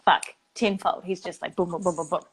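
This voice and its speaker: A woman's voice: fairly low pitch, fast talker, slightly rough, rough recording. A woman in casual conversation, telling a story from her own life and acting out what she said. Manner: animated storyteller who acts out her own past words.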